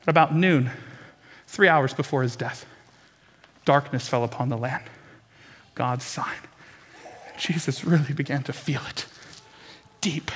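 Pastor guy preaching hard, kinda husky, big echoey church hall. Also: mid-range voice, a little slow, pauses often, a bit bright. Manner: impassioned, dramatic preaching. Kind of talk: sermon. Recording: long reverb from a large hall.

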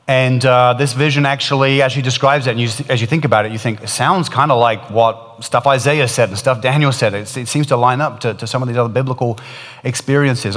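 A man's voice: medium pitch, a bit bright, long reverb tail. A man preaching a sermon, retelling a story in an earnest, emphatic way that swells and drops in intensity.

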